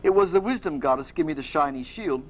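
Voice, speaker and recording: A man reading aloud, voicing a boastful young hired hero in a rough, slangy manner. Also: fairly high pitch, normal speed, muffled recording, lightly acted.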